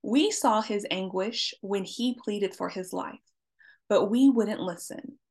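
A woman's voice: medium pitch, takes it slowly, darkish tone. A woman reading as anxious pleading brothers.

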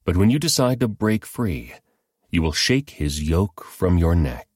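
A man voicing an aged, grave father who speaks in slow, solemn pronouncements. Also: deep voice, very animated, a little mellow, husky, no echo, studio quality, heavily acted.

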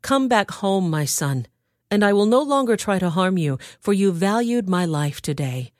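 A woman's voice: medium pitch, animated, normal speed, dry recording, studio quality, lightly acted. A woman voicing King Saul, an older man, in a Bible reading, with a contrite, raised voice. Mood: remorseful.

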